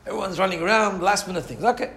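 A rabbi teaches a Torah class in a relaxed, chatty way, his voice fairly high with some vocal fry as he talks at a rapid clip. He often checks in with his listeners and acts out the characters in his stories. The room gives the recording a noticeable echo.

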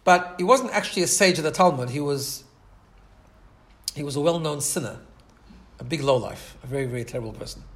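A man's voice: on the high side, lively intonation, a little fast, a bit bright. Earnest man telling a sermon story. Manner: earnest, repeats words while telling a story. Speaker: Torah teacher.

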